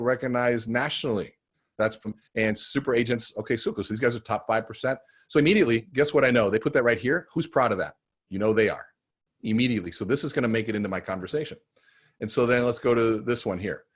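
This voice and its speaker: A middle-aged man coaching salespeople in a live online training session, telling stories with big swings between loud bursts and quiet, emotional moments. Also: lowish voice.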